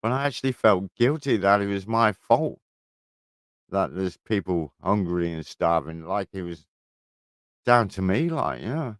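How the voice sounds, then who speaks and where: Deep-voiced swearing man. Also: lively intonation, unhurried, no room sound. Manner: rambling storytelling, heavy swearing. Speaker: livestream host. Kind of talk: casual livestream chat. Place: garden shed.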